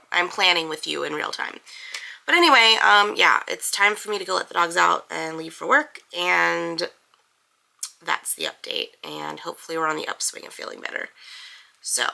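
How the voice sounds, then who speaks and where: A woman's voice: on the low side, normal speed, vocal fry, sharp tone, rough recording. A young woman chatting casually to camera as a book vlogger, rambling with lots of fillers. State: congested, with a cough.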